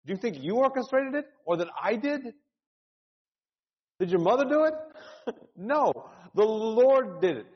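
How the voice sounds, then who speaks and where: A man's voice: very high-pitched, animated, a little slow, long pauses. A male pastor preaching an earnest, urgent sermon, often repeating words and rising into cries. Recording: dull sound with long hall reverb.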